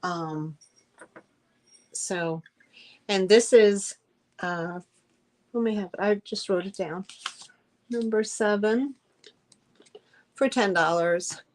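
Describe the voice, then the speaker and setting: A middle-aged woman hosts a live-stream sale and talks to her viewers in a slow, unhurried way. She is effusive and chatty, and her talk is full of fillers and restarts. Her voice sits at an ordinary middle pitch. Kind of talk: live-stream selling chat.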